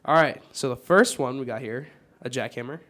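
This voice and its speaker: A man's voice: medium pitch, a little fast, fairly bright tone. A young man hosting a casual student podcast, upbeat and playful, often laughing. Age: young adult. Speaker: podcast host.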